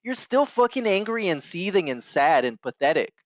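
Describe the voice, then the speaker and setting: A man's voice: sits high, very animated, normal speed, dry recording, dull audio. A man hosting a podcast, giving crude, sarcastic reaction commentary on stream clips.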